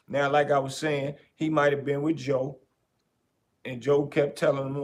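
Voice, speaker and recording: A podcast host talking in a casual, animated way, repeating his points for emphasis. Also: mid-range voice, moderate pace. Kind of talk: casual commentary.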